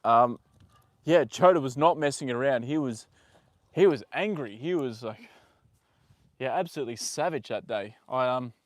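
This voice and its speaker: A man's voice: mid-range voice, lively intonation, normal speed, long pauses, no room sound. Rambling man, dry close sound. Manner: rambling, swears casually, talks to his horse between stories. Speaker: livestream host with his horse. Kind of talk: casual live chat. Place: outdoors in a paddock with a horse.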